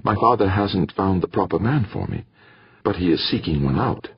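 A man's voice: deep voice, expressive, moderate pace, slightly rough, dull audio, voice pushed up, exaggerated voice. A man voicing a shy, polite teenage Indian girl with a lilting Indian accent in an audiobook. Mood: hopeful.

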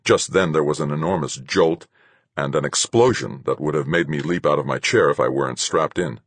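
A man reading a first-person science fiction novel aloud as audiobook narrator, with a steady, measured storytelling delivery. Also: very deep voice, slightly rough, no echo.

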